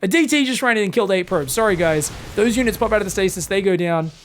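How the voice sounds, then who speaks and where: A young man doing solo live commentary on a strategy game, animated and profane, drifting into rambling asides between plays. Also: high voice, fast, slight background noise. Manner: animated, swears freely, drifts into rambling stories. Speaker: esports caster.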